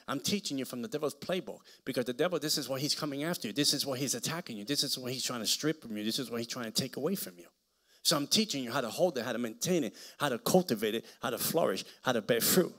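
A man preaching to a church crowd in a medium voice. He tells stories with big dramatic swings, dropping to a near murmur and then rising to a shout. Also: mid-range voice. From Hispanic American. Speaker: guest preacher. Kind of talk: preaching with storytelling. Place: church hall.

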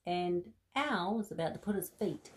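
A woman reading a bedtime story to children, animated and asking the listener questions. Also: on the low side, normal speed, background noise.

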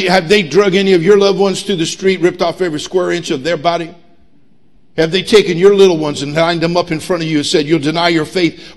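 A middle-aged man preaching a sermon as pastor, emphatic and humorous, swinging between loud pushes and quiet asides. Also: fairly high pitch. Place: church sanctuary.

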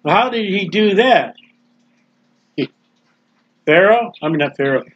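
A male preacher giving a lively, jokey sermon and acting out scenes, on a dull lo-fi recording. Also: high-pitched, slow pace, breathy edge. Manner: animated, jokey, acts out scenes. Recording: dull lo-fi sound.

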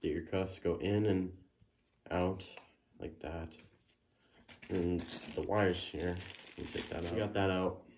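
A man with a very low, mellow voice chats his way through an unboxing, trailing off and restarting as he goes. His talk is loose and unscripted, full of fillers. A faint hum sits under the recording. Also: steady tone, slow, pauses often. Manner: rambling, thinks aloud with fillers. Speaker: unboxing vlogger. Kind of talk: casual unboxing commentary.

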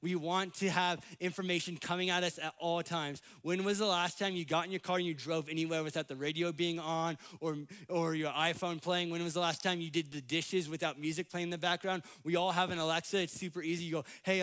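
American pastor guy preaching in church, kinda high voice, gets animated. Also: a little fast, few pauses. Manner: animated, acts out quoted voices. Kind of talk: sermon. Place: church sanctuary.

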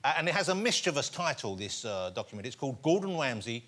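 A man's voice: medium pitch, sing-song, fast talker, a bit bright. A man with an English accent hosting a talk show, teasing his guest with dry, sarcastic banter.

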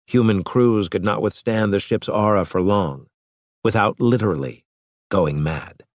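A man's voice: on the low side, unhurried, no room sound. A man narrating a science fiction audiobook in a dramatic reading, close to the mic. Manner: dramatic reading with varied voices. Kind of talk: scripted narration.

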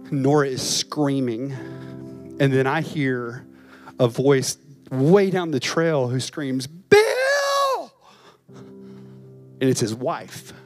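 A man's voice: mid-range voice, a little slow, soft background music. A man, a campus pastor, preaching a chapel sermon and telling a story with emotion, at times crying. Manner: emotional storytelling, voice rising and breaking.

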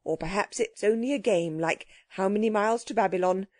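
A woman's voice: medium pitch, brisk, darkish tone, no room sound, studio quality, natural voice. A woman reading as a mild dreamy old scholar. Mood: musing. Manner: mild, polite, musing. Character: learned elderly gentleman, dreamy scholar.

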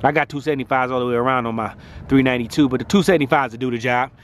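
A man in an excited car walkaround vlog, talking outdoors at a dealership lot in a hyped, slangy way with rhyming wordplay and repeated catchphrases. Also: medium pitch, rapid-fire, slight background noise. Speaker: car vlogger.

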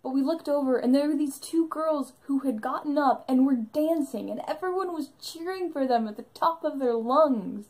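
A woman's voice: high voice, normal speed, few pauses, darkish tone, rough recording. A young woman narrating an enthusiastic fan vlog about a live show she went to, in a bubbly storytelling manner.

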